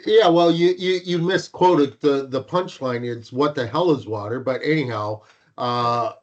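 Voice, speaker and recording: A man in casual podcast banter, blunt and ribbing, with mid-range pitch. He is talking just after dental work, and his audio comes through slightly dull and muffled. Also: measured pace. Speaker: podcast co-host, teacher.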